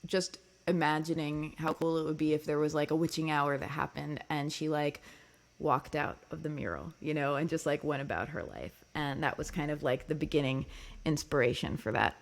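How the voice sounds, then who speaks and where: A woman's voice: sits low, normal speed, gravelly. A woman hosting her own music livestream, chatting casually with viewers, laughing often and filling her talk with ums and likes. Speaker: singer-songwriter livestream host.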